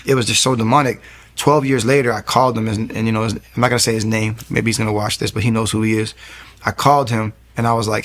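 Earnest gravelly-voiced man telling his story. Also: fairly low pitch, level tone, a bit bright. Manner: earnest, rapid storytelling with restarts. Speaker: guest giving a faith testimony. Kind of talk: personal testimony storytelling.

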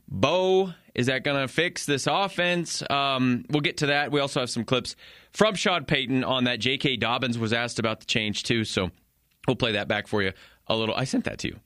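Male sports radio host, animated teasing banter, dry studio mic. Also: medium pitch, no echo.

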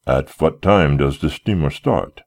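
A man reading the lines of a polite, unhurried man who calmly keeps a guest from leaving. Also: rumbling low, creaky, exaggerated voice. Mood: calmly courteous. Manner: courteous, unhurried, unmoved.

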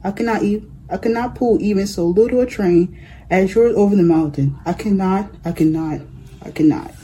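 Reader doing a tired old rusty engine, sighing, worn out, husky and dark. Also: medium pitch, normal speed, close to an everyday voice. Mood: weary. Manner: weary, sighing.

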